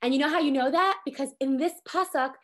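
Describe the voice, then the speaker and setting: High-voiced, animated woman teaching. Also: fast talker. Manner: animated storyteller, acts out quoted voices. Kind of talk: Torah lesson to a group.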